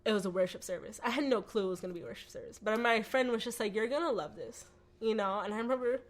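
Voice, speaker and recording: A woman telling her personal faith testimony as a podcast guest, animated, acting out quoted voices, with lots of "like" and "you know.". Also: mid-range voice, fast. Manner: frequent "like" and "you know" fillers.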